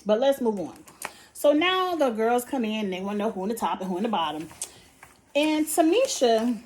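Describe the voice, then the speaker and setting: A woman's voice: fairly high pitch, big pitch swings, moderate pace, darkish tone, slight background noise. A woman hosting a casual recap vlog, blunt and profane with lots of slang, animatedly acting out quotes. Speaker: show reviewer and channel host.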